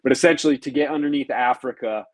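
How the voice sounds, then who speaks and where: A man who races sailboats, talking through ocean routes in a relaxed, thoughtful way with frequent pauses. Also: medium pitch, dry recording. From United States. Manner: explanatory, thoughtful, with frequent ums. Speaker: professional racing sailor guest. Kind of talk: relaxed conversational podcast chat.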